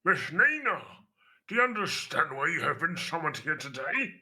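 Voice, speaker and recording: A man's voice: a little high, very animated, moderate pace, bright, forceful tone, breathy edge. A man voicing a judge in a group fan dub of a game, with formal courtroom phrasing.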